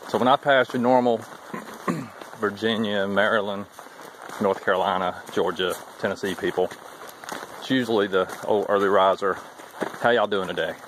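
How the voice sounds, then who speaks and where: A man with a drawl talks in a lowish voice as he walks a wooded trail, thinking out loud with a wry, chatty ease. A faint wash of outdoor ambience sits under his voice. It is an informal walking vlog filmed on a handheld camera. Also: steady tone, normal speed, long pauses, noisy background. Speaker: thru-hiker vlogger.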